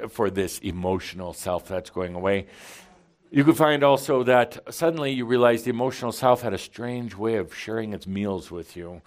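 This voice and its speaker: Playful man channeling to a live audience. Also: lowish voice. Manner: animated, playful, laughing with the audience. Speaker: spiritual teacher channeling to an audience.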